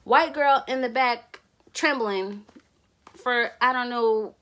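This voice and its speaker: Young woman doing a storytime vlog, animated, laughs a lot, acts out the voices. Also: a little high, slow pace. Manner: animated and laughing, acting out dialogue. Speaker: vlogger.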